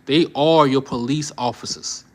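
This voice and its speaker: A man's voice: mid-range voice, fairly even intonation, normal speed. A man commenting on the news on a live stream, heated and preachy, who often repeats short phrases for emphasis.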